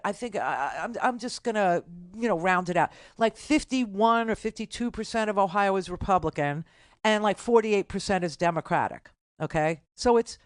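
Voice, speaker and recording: Older woman talk radio host, sarcastic and indignant, mid-pitched, dry close mic. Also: dry recording. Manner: indignant, sarcastic, rapid asides. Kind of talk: political talk radio monologue.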